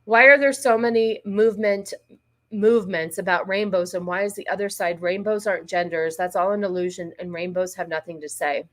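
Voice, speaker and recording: A woman's voice: medium pitch, fairly even intonation, a little fast, fairly bright tone. A middle-aged woman hosting a casual commentary livestream, blunt and exasperated, with frequent profanity. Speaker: livestream host.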